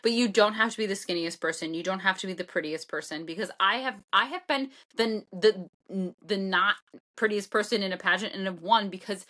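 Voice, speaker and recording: A woman's voice: mid-range voice, brisk, pushed and bright. A woman from the co-hosting a podcast, talking bluntly and emphatically in casual chat and swearing freely. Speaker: podcast co-host.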